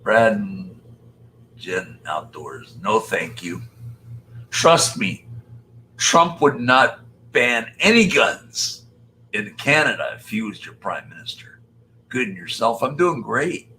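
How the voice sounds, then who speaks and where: Slow, bright-voiced older man hosting a stream. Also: on the low side, big pitch swings, a little hiss or hum, rough recording. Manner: chatty, jokey, greets viewers by name. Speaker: live-stream host reading chat. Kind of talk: casual live-stream chat.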